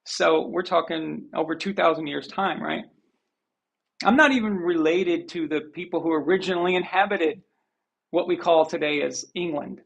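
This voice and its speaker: A man's voice: on the high side, fairly even intonation, moderate pace, vocal fry, a bit bright. An American man hosting a live show, talking bluntly in a rambling, casual rant that repeats and restarts. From United States. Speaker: host of a sports live show.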